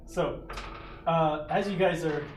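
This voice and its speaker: A man running a tabletop game as game master, quick and laughing as he explains the rules. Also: fairly high pitch, fairly even intonation, a little hiss or hum. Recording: echoey room, far from mic, music.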